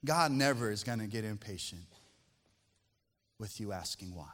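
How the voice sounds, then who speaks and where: A man preaching a sermon as pastor, talking conversationally and telling jokey family stories before dropping into soft, earnest appeals. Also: lowish voice, animated, normal speed. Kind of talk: sermon with humorous family anecdotes. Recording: long hall reverb.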